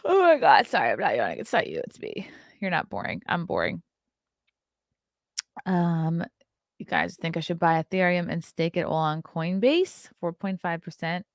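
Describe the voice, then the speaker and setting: A woman's voice: on the low side, animated, normal speed, no room sound, studio quality. Blunt, profane woman chatting on a stream. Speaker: podcast host reading live chat. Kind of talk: casual live-stream chat.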